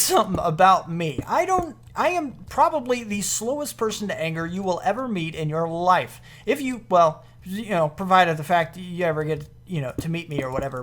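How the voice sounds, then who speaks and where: Man, gaming channel host, animated storyteller, restarts a lot, desk mic, faint background hiss. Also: high voice. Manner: rambling, animated anecdote with many restarts. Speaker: gaming YouTuber. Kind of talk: storytelling while playing a game.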